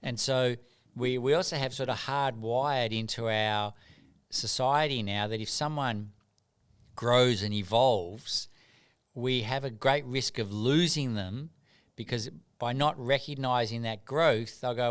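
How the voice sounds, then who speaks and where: A man's voice: mid-range voice, unhurried, clear, resonant tone. A middle-aged man, a doctor telling earnest stories as a podcast guest. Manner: earnest, animated anecdotes with frequent restarts. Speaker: guest, doctor and rites of passage mentor. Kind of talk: reflective storytelling in podcast conversation.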